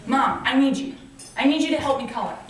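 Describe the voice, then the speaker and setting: A woman's voice: high voice, far from the mic, noisy background, lightly acted. A woman voicing her six-year-old daughter as a polite, earnest little girl, recorded from afar in an echoey hall. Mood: pleading. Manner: prim, deliberate, grown-up politeness. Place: large convention hall.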